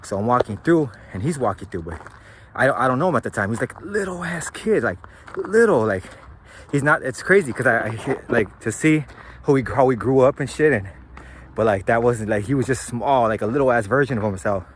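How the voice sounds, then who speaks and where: Speaking a little fast in a mid-range voice, a San Gabriel Valley, California man rambles through a story from his own life. He's relaxed, slangy, and profane, and there's a little hiss or hum on the recording.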